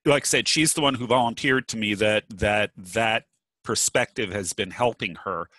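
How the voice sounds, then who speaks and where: A man speaking as a guest in a casual conversation, halting and restarting his sentences. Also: fairly low pitch, sharp tone, no echo.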